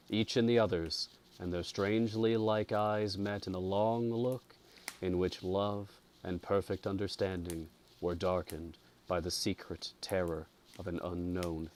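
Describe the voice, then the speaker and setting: A male storyteller reading a ghost story in a slow, deliberate, atmospheric way. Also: low voice, flat delivery, a little mellow, slight background noise. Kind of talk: scripted narration of a ghost story.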